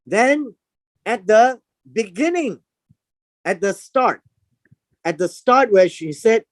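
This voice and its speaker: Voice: mid-range voice, animated, slow, long pauses, no room sound. A Bible teacher giving a verse-by-verse lesson, explaining word meanings and repeating key words for emphasis.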